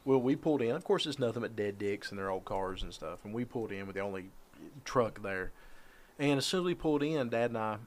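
A man's voice: lowish voice, animated, fast. A man chatting casually, bluntly telling a story and swearing freely. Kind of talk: casual podcast chat.

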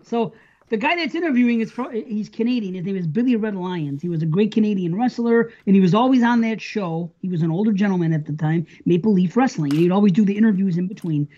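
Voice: medium pitch, fast talker, mellow. Rambling podcast host, lo-fi sound. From United States. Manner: rambling storyteller. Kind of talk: casual chat. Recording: dull lo-fi sound.

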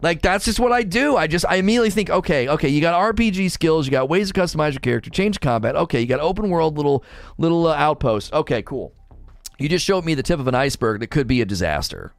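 A man in his thirties hosting a podcast in casual chat, animated and excitable, acting out quotes in his own voice. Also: on the high side, fast, vocal fry, dry recording. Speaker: podcast host.

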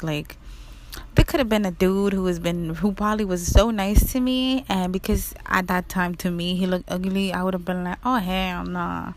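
A young woman of Mexican-American background talking through a casual, reflective monologue, chatty and loose, often saying "like" and swearing now and then. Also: mid-range voice. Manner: chatty, frequent "like", laughs and swears.

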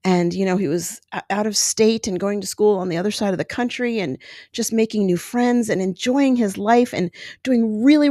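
A woman's voice: a little high, mellow, no echo, studio quality. A woman in her forties hosting a podcast, speaking candidly and emotionally in a personal monologue. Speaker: podcast host.

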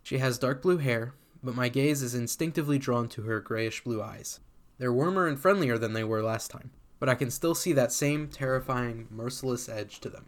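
A man's voice: medium pitch, normal speed. Man reading a sardonic first-person story. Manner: casual, sardonic, swears freely. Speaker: community reader.

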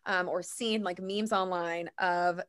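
A woman co-hosting a casual chat, telling an animated story and acting out the people in it. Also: fairly low pitch, measured pace, clean tone. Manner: animated storyteller, acts out quotes. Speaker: podcast co-host.

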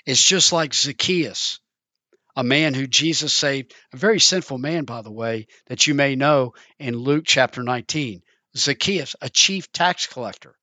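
Bright-voiced earnest male preacher. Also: on the high side, dry recording. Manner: earnest, storytelling, repeats words. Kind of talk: sermon.

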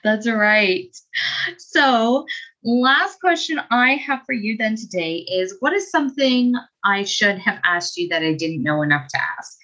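A woman hosting a podcast interview, asking her questions in a friendly, relaxed, conversational way. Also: mid-range voice, measured pace, muffled recording. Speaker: podcast host.

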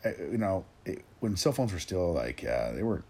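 A man in his forties ranting in a rambling, gruff way, swearing constantly and restarting his sentences as he talks to his listeners. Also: deep voice, big pitch swings, moderate pace, dark tone. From Tennessee, raised in Oregon. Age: 40s. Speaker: rant host. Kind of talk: profane solo rant.

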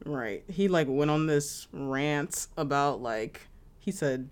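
A young woman co-hosting a casual podcast chat, talking with animated indignation and plenty of swearing. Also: a bass voice, slow. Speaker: podcast co-host.

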